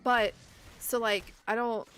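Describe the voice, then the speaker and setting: A woman's voice: fairly high pitch, steady tone, takes it slowly, fairly bright tone, slight background noise. A young woman streaming a game, chatting casually, swearing and laughing as she tells stories. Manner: swears a lot, laughs often, storytelling. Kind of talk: casual livestream chat while gaming.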